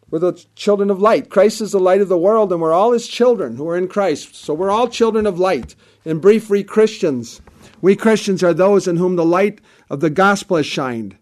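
A man's voice: on the high side, measured pace, darkish tone. A man preaching a sermon with an emphatic, repetitive cadence, quoting scripture at length.

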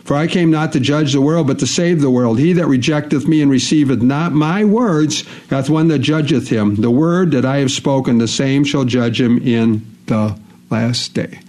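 A man's voice: mid-range voice, moderate pace, darkish tone. A man preaching a sermon, reading scripture verses aloud and repeating key phrases for emphasis.

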